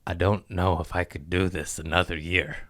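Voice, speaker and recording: A man with a lowish voice rants on a podcast into a studio mic. He talks in a loud, rambling, profane way and often laughs at his own jokes. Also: level tone, normal speed. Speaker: podcast host. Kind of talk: casual profane podcast rant.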